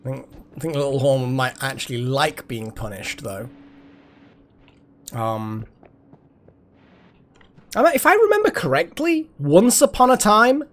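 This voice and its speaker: A man's voice: medium pitch, animated, moderate pace, long pauses. A man chatting casually while streaming a game, rambling with asides and swearing. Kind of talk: casual live-stream chat while gaming.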